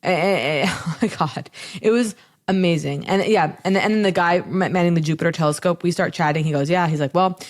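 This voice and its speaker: A woman's voice: on the low side, fairly quick. A young woman co-hosting a podcast, telling stories in casual chat, swearing a lot and acting out what people said. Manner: animated storyteller, heavy swearing, acts out quotes. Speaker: podcast co-host.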